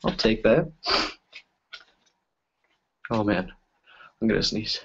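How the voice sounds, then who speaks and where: Low-voiced man rambling on a lo-fi stream. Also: lively intonation, slow, husky. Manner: rambling, filler-heavy storytelling. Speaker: magician and live-stream host. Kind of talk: casual live-stream chat. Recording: dull lo-fi audio.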